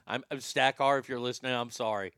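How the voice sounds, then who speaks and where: A man's voice: mid-range voice, a bit bright, smooth, no echo. A man hosting a ranting commentary show, crude and mocking, often stammering and restarting his sentences. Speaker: commentary podcast host.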